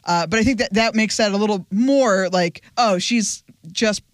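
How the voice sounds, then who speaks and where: A man's voice: high voice, moderate pace, no echo. A man hosting a casual podcast chat, asking questions and swearing casually. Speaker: podcast host.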